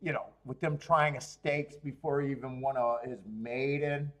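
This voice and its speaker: A man hosting a horse racing betting livestream, thinking aloud through the odds and cracking himself up with loud bursts of laughter. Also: mid-range voice, steady tone, moderate pace. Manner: thinks aloud, laughs at his own jokes; loud bursts when amused. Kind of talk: casual livestream handicapping commentary.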